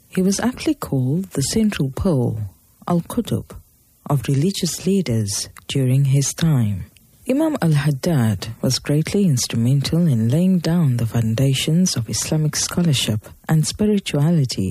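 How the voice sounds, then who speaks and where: A man narrating a documentary in a measured, formal storytelling manner. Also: mid-range voice, warm tone, breathy edge, no echo.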